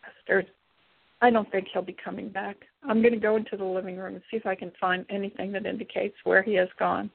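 Woman reader doing a calm male demon, measured, husky, gravelly, phone-like tone. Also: mid-range voice, no echo. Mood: reassuring. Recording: tinny phone-like, dry.

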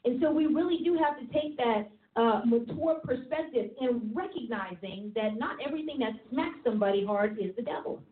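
A woman's voice: a little high, moderate pace, hardly any pauses. A woman apostle preaching a teaching sermon, emphatic and repetitive with a chatty, laughing manner. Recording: tinny phone-like sound in an echoey room.

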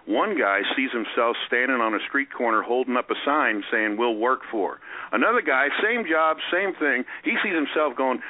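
A man who is a guest on a radio talk show, talking in an animated way and acting out the voices he quotes. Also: medium pitch, moderate pace, no echo. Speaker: guest speaker. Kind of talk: radio interview. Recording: tinny phone-line radio sound.

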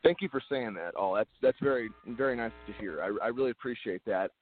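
This actor, heard in an interview, has a lowish voice and talks fairly quickly with a touch of hiss or hum in the background. His manner is earnest yet casual, and he frequently restarts, repeating words. The audio is dry and tinny, like a phone call.

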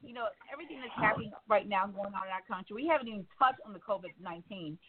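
A woman hosting a candid talk radio discussion, blunt and animated, swearing freely. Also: mid-range voice, very fast. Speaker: radio show host. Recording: tinny phone line with faint noise.

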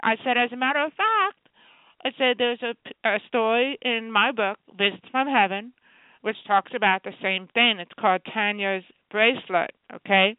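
A woman's voice: medium pitch, normal speed, smooth, dry recording. Chatty woman storyteller on a phone line. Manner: retells conversations in quoted voices, lively and chatty. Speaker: guest author. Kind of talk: animated storytelling on a call-in radio show. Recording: tinny phone line, dry.

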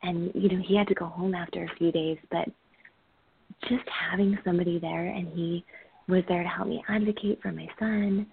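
Gravelly-voiced woman doula on a phone line. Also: fairly low pitch, fairly even intonation, moderate pace. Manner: earnest, emphatic, slipping into near-whispers. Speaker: doula, guest. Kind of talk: casual interview chat. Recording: tinny call audio with faint noise.

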